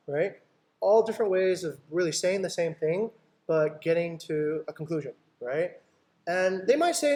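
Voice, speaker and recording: Animated man coaching a sales team. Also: a little high, unhurried. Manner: lively, acts out client dialogues, keeps asking "right?". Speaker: company CEO training his sales team. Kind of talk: sales training in an online video meeting.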